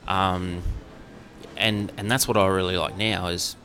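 A man's voice: deep voice, flat delivery, measured pace, sharp tone, slight background noise. A man in his thirties with an Australian accent, chatting casually and rambling with lots of fillers. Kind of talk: casual chat.

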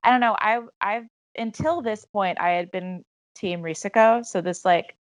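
A woman co-host weighs in at a middling pitch, starting and restarting her sentences. Her voice is dry and close to the mic. She keeps the tone of a casual chat. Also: moderate pace, dry recording. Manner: hesitant, restarts her thoughts. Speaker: podcast co-host.

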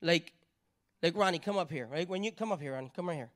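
A woman's voice: fairly low pitch, fast talker. Woman preaching, peppered with "right?". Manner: conversational, keeps asking "right?"; rhetorical repeated questions. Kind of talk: sermon.

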